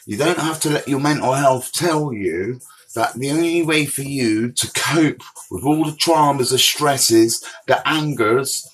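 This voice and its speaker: A man's voice: mid-range voice, a little slow, fairly bright tone, low-quality recording. Chatty Bristolian man on a livestream. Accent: Bristolian West Country. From Bristol, England. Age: 40s. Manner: chatty, direct, answers viewers by name. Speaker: recovery mentor livestream host. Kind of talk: casual livestream chat, reading comments. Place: outdoors walking around. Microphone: phone livestream.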